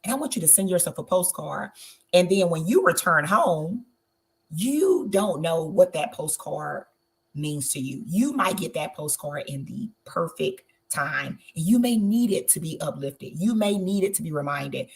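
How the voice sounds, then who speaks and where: Low gravelly woman with Southern drawl. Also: lively intonation, moderate pace. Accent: Southern US country. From Southern Georgia, USA. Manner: encouraging, checks in with "okay?" again and again. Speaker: travel host. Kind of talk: instructional webinar talk.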